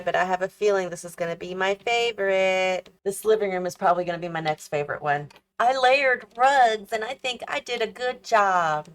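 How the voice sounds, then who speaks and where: A tired, yawning woman chatting casually as she builds a house in a game, thinking aloud and questioning her own choices as she goes. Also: mid-range voice. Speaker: host of a gaming channel.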